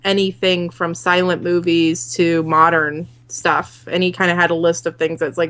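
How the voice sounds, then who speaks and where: A woman's voice: lowish voice, little pitch movement, normal speed, hardly any pauses, a bit bright, clear, resonant tone. A woman on a podcast, telling stories in an easygoing way. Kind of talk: casual chat.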